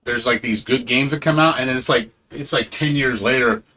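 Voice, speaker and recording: A man's voice: medium pitch, brisk, bright, forceful tone. Sarcastic, profane male streamer ranting. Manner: profane, sarcastic, mocks others in put-on voices. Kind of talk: casual ranting commentary while streaming.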